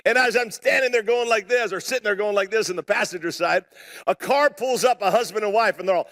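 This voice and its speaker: Gravelly high-voiced pastor telling a story. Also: male voice, fast talker. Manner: animated, conversational, self-deprecating humor; calls out to the congregation for responses. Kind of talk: storytelling sermon. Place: church sanctuary before a live congregation.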